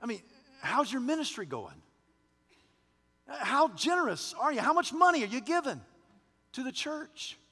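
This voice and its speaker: A man's voice: very high voice, sing-song, a little slow, long pauses, bright, forceful tone, slightly rough, long reverb tail. A man pastor preaching a sermon with rising fervor, posing questions to the congregation.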